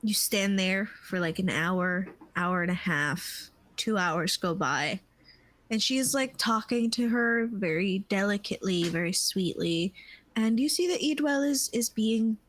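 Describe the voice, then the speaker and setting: A woman narrating a tabletop game as game master, unhurried and searching for words. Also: mid-range voice, expressive, no echo, low-quality recording. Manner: unhurried, with many fillers and restarts.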